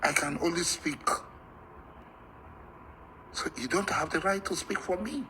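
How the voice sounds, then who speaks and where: A middle-aged Nigerian man giving a heated, defiant monologue, repeating himself and rising to shouts. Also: on the high side, unhurried, a little hiss or hum, poor audio. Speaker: political activist.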